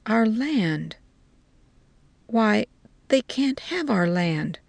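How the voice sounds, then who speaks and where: A woman's voice: on the high side, sing-song, extremely slow, creaky, no room sound, voice pushed up, heavily acted. A woman reading a story voices an old village woman who speaks mildly and plainly, puzzled by the soldiers. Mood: bewildered.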